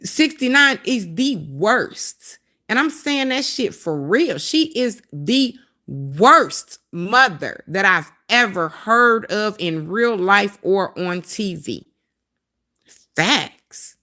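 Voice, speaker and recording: A woman's voice: medium pitch, lively intonation, slow, bright, forceful tone. A woman hosting a livestream, speaking in a blunt, profane, heated rant and repeating her points. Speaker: livestream host. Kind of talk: casual ranting livestream commentary.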